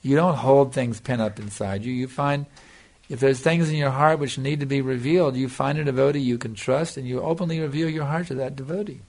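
A man's voice: medium pitch, fairly quick, darkish tone. An older man giving a devotional lecture as a spiritual teacher, earnest and repeating himself for emphasis, answering a listener's question.

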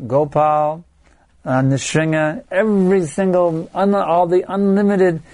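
A man's voice: on the high side, darkish tone. Earnest older man giving a devotional lecture. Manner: earnest, exhorting, acts out chanting. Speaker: spiritual teacher.

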